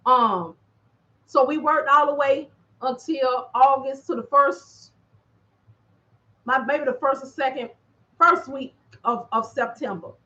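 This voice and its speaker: A high-voiced woman talks shop as a truck dispatcher, chatty and emphatic, repeating her points and tossing in jokes. The audio is dull and lo-fi. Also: takes it slowly, pauses often, pushed and bright. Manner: chatty, emphatic repetition, joking asides. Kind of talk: casual talk to viewers.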